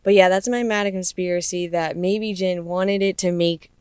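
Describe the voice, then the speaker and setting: A young woman hosting her own podcast, giving casual, expressive commentary and laughing often. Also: lowish voice, normal speed, smooth, dry recording. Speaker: podcast host.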